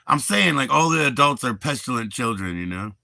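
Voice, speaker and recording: Bright-voiced, profane, rambling livestreamer guy. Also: medium pitch, animated, vocal fry, no room sound. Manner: rambling, profane, laid-back, drawn-out "dude". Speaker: livestream host. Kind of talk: casual livestream chat.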